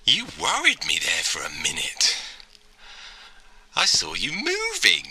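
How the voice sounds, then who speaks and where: Guy doing a giggly game villain, slow mocking taunts, voice all over the place, music blasting behind. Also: mid-range voice, a little hiss or hum, rough recording. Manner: giggling, sneering, drawn-out taunts. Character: gloating, mocking male killer taunting a victim. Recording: loud music underneath.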